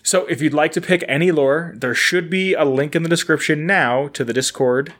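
At normal speed, a man with a slightly high, rather bright voice hosts a casual podcast alone, rambling, chatting, and correcting himself while laughing freely. He's indoors in a building he moved into recently, using a camera and microphone setup.

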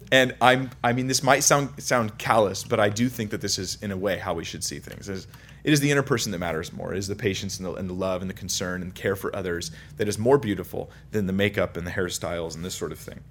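A man's voice: deep voice, quick pace, fairly bright tone. A young man giving a casual, chatty Bible teaching, full of anecdotes and self-interruptions. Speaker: preacher.

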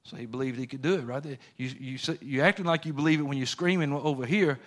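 A man preaching a sermon with a mid-pitched voice. He speaks casually and emphatically, circling back on phrases and pressing the congregation with rhetorical questions. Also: quick pace, hardly any pauses.

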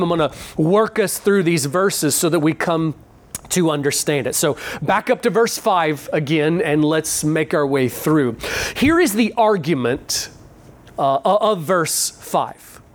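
A preacher stressing each phrase slowly. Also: mid-range voice. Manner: slows down sharply to stress key words and phrases; restates points in repeated phrasing. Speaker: pastor. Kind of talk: expository sermon.

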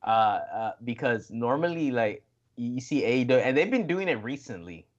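A podcast co-host on a wrestling show chats casually in a medium-pitched male voice with wide pitch swings at a normal pace. He sounds tipsy, swearing, rambling and laughing plenty, and the recording has its highs cut off.

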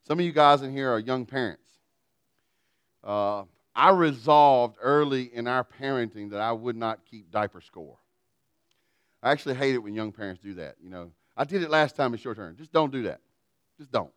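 A man delivers a sermon in a relaxed, folksy way, mixing humor and everyday stories into his preaching. His voice is smooth and resonant, and the recording is close and dry with no room echo. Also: mid-range voice, normal speed. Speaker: pastor.

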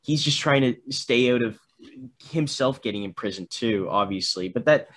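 A man's voice: medium pitch, animated, fairly bright tone. Young guy chatting about a movie, lots of false starts and ums, plain mid voice. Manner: halting, many restarts and fillers. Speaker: film discussion co-host. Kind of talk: casual chat.

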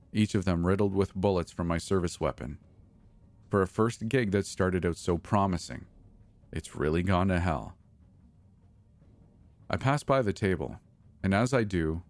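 A man reading a first-person horror story in a grim, measured way. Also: sits low. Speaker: narrator. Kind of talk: scripted horror narration.

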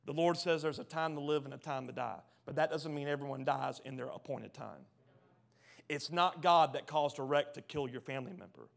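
A man with a high-set voice preaches with fervor, swinging between loud, emphatic bursts and quiet, low asides. He often stumbles and repeats words as he pushes his point. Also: a little fast, creaky. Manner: passionate, builds to loud emphatic peaks then drops low and soft. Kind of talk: sermon.

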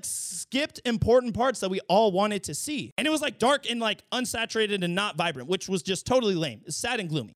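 A man hosting his podcast, giving a casual, animated movie review with swearing, his voice getting hoarse. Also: sits high, dry recording, clean studio sound. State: losing his voice. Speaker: podcast host.

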